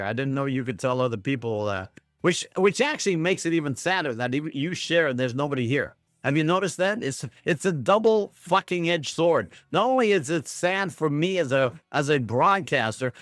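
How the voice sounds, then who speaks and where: A man's voice: on the high side, fairly bright tone, dry recording. Man, livestream host, sarcastic, swears a lot, self-mocking, dry close sound, faint music behind. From Canada. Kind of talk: rambling profane livestream chat.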